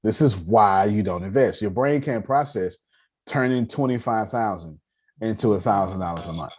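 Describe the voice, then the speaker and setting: A man leads a video-call class on money in a low, husky voice. He talks in an animated, joking way, calls on his listeners and often restarts his sentences. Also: moderate pace. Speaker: meeting host teaching personal finance. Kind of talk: casual teaching talk.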